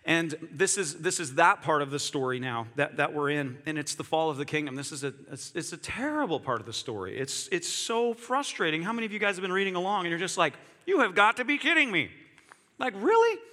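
A man preaching a lively, conversational sermon, often poking fun at himself and asking his listeners questions. His voice sits high and sounds bright and forceful. It rings with a long reverb, like a large hall. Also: fast talker, hardly any pauses. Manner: animated, self-deprecating, talks directly to the audience.

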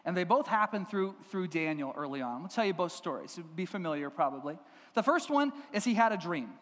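A man, a pastor, preaching a sermon with lively, humorous storytelling in a church. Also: high-pitched, fast talker. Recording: long hall reverb.

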